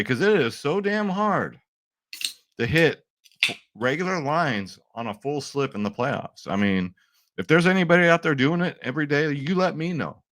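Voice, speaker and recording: A man in his forties hosting a sports betting vlog, rambling and excitable in casual chat to camera. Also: medium pitch, no echo. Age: 40s.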